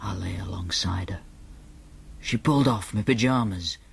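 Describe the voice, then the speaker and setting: A man with a Northern English accent narrating an audiobook in a deadpan, matter-of-fact manner. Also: deep voice, moderate pace, gravelly, slightly rough. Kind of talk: first-person audiobook narration.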